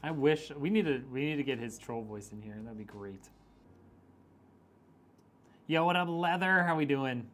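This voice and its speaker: A man's voice: medium pitch, lively intonation, normal speed, pauses often, a bit bright, soft background music. A man streaming a PC build, chatting casually and reading viewer comments aloud with a joking, teasing manner and frequent laughs.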